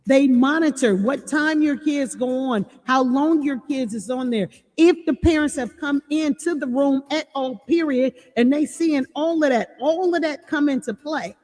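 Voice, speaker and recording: A woman livestreaming to her viewers in a high voice. She speaks animatedly and reads comments from the chat. Her voice rings with a long reverb over faint music. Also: a little slow, hardly any pauses, darkish tone. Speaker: livestream host.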